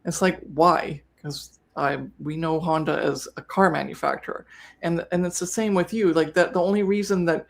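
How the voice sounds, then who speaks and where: A woman's voice: on the low side, steady tone, moderate pace, gravelly. A woman co-hosting a live business webinar, talking casually and often correcting herself mid-sentence. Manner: chatty, self-correcting, trips over words. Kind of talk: casual live-stream teaching.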